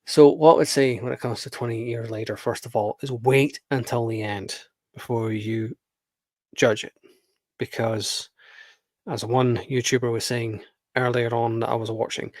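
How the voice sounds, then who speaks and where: A man's voice: medium pitch, steady tone, normal speed, no room sound. A man hosting his own channel, ranting casually to camera in an exasperated, emphatic way, swearing often. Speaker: video commentator.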